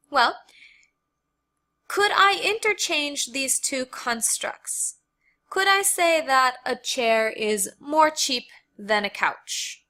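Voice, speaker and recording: An American woman teaching an English grammar lesson, explaining slowly and carefully and repeating key words for learners. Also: a little high, pushed and bright.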